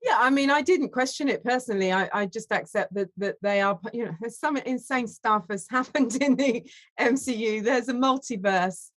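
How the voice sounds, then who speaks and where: A woman co-hosting a casual TV review chat, thinking aloud with pauses and self-corrections. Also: fairly high pitch, fairly bright tone. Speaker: film and TV critic co-host.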